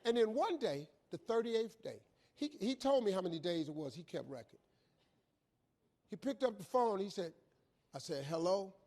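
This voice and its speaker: A man giving a motivational speech as a story, talking in a lively, colloquial way and acting out the dialogue. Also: high voice, normal speed, long pauses. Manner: animated, colloquial, acts out dialogue. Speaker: motivational speaker.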